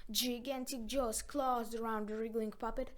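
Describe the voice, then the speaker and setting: High-voiced woman reading a children's story. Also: moderate pace. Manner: expressive, dramatic read-aloud. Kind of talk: children's story read-aloud.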